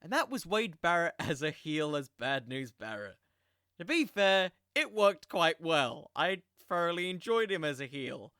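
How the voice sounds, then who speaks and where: Animated man rambling on a podcast. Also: fairly high pitch, a little slow, clean tone, no echo, clean studio sound. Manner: rambling, goes off on tangents. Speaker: podcast host. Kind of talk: casual podcast monologue.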